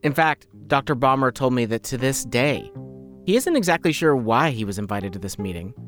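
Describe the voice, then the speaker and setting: A man hosting a podcast, narrating a story in a measured, explanatory way. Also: medium pitch, animated, a bit bright, soft background music. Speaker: podcast host.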